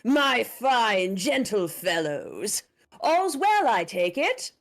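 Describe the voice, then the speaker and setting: A woman voicing a genteel, flattering male count who welcomes guests aboard his yacht. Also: high voice, slow, faint music behind, exaggerated voice. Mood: effusive. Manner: effusive, courtly, fawning.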